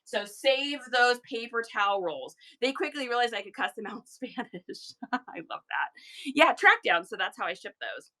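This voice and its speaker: Bright-voiced chatty woman. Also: a little high, moderate pace. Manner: chatty, animated, rambling asides. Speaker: reseller livestream host. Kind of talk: casual livestream chat.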